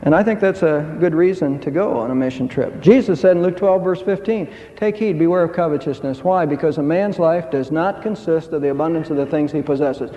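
Pastor preaching in a reverberant sanctuary. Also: male voice, brisk, few pauses, warm tone. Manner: emphatic preaching, rising pitch on key phrases. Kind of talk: sermon. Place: church sanctuary. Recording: dull sound with long hall reverb.

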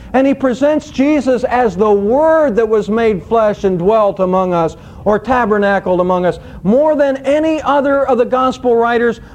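A male pastor preaching a sermon, teaching scripture with an expressive, emphatic storytelling manner. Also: extremely high pitch.

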